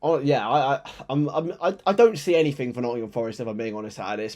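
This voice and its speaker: A young man hosting a live football watchalong, chatting with viewers and switching into excited play-by-play commentary. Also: medium pitch, fast talker, few pauses. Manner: chatty, reads chat aloud, bursts into excited play-by-play.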